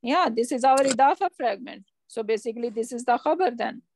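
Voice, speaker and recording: A woman with a high, slightly mellow voice teaches an online grammar lesson, explaining patiently and asking her students questions along the way. She's animated and a little fast, and her speech sounds dry and close with no room sound.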